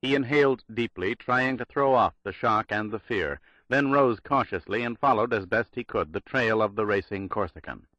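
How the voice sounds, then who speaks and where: Low-voiced guy reading a spy thriller audiobook, dry muffled sound. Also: normal speed, hardly any pauses, a bit bright, no echo. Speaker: audiobook narrator. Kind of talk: scripted thriller narration.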